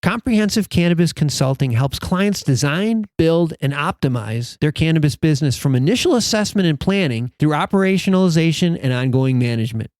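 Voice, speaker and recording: A man's voice: on the high side, lively intonation, a little fast, hardly any pauses, darkish tone, no echo. A man hosting an interview podcast, reading sponsor copy and introducing his guest in an upbeat way. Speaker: podcast host.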